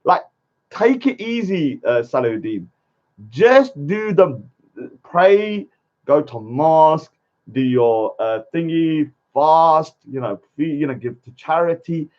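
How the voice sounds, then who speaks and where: Argumentative man, lively pitch. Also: slow. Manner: argumentative, keeps adding "yeah?" tags. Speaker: livestreamer. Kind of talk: casual livestream rant. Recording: dull lo-fi stream audio.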